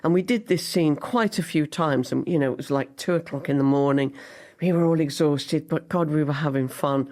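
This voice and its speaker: Older lady on a podcast telling stories, lively, laughing all the way through. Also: deep voice, moderate pace, few pauses. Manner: animated anecdotes with frequent laughter. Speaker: guest actress. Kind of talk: podcast interview.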